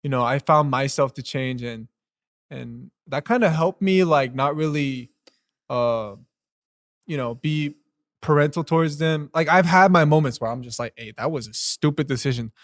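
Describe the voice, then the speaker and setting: Easygoing young man, slightly high voice. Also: moderate pace. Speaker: podcast co-host. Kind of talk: casual chat.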